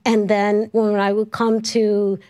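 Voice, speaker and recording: A middle-aged woman from New York City, a guest in a live interview, telling stories with lively energy and frequent laughter. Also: medium pitch, slow pace. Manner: animated storyteller who laughs often. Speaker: guest, actress and podcast host. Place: live event space with an audience.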